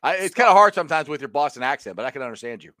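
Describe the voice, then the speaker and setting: A man hosting a casual sports talk show, animated and reading viewer comments aloud. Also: on the high side, rapid-fire, very noisy. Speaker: show host.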